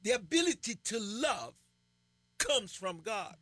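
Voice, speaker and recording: A man's voice: high-pitched, big pitch swings, unhurried, pushed and bright, dry recording. A man teaching from the Bible, emphatic and repeating key words for stress. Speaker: co-host.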